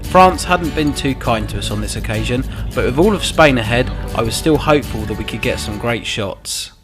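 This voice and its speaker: A man's voice: medium pitch, animated, moderate pace. A man giving a scripted voice-over narration for his own vlog, with a wry tone. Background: music.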